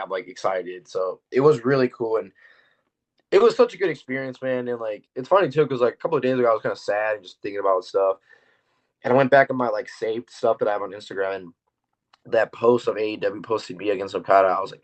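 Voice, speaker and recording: A young man, a professional wrestler, chatting loosely and excitedly as a podcast guest. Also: fairly low pitch, fast. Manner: loose and excitable, full of fillers and laughs, acts out dialogue. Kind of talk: casual interview chat. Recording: dull lo-fi audio.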